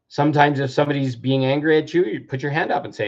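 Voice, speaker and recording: Man, 50s, gravelly, earnest self-help talk, muffled lo-fi sound. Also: medium pitch, quick pace, a little mellow. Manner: earnest, acts out quoted voices. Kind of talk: reflective personal-growth talk. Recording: dull lo-fi recording.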